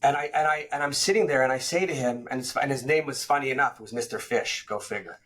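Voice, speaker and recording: A man who owns a print company, telling a personal business anecdote in a relaxed interview, with animated retelling and repeated words. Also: medium pitch, fast talker. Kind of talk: casual storytelling in an interview.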